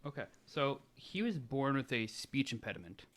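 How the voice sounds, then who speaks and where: A man's voice: mid-range voice, big pitch swings, normal speed, fairly bright tone. A man co-hosting a podcast, chatting casually and telling a story with jokes. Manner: joking storyteller, laughs at his own stories. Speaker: podcast co-host. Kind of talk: casual chat.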